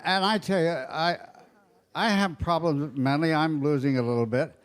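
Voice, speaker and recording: Halting older male comedian at a roast. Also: a little high, smooth. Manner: halting, fumbling delivery with many fillers. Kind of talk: roast stand-up jokes. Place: banquet dais.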